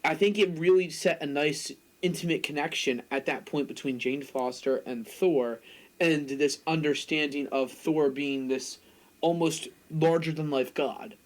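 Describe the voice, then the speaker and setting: This young man co-hosts a podcast, and his fairly high voice keeps a fairly even intonation at a measured pace. He's talkative and opinionated in casual chat, hedging with fillers like "like" and "I mean." The recording is rough.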